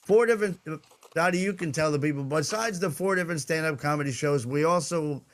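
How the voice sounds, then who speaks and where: A man's voice: fairly high pitch, a little fast. Man spinning a comedy-club anecdote. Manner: animated anecdote-telling, acts out quoted lines. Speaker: stand-up comedian. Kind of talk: casual chat, telling stories.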